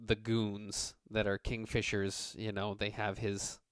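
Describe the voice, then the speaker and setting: Slow and easygoing, a game master with a fairly low, clear, resonant voice narrates a tabletop game. He wanders through his descriptions in a relaxed way, using lots of fillers. The audio is studio-clean with no room reverb.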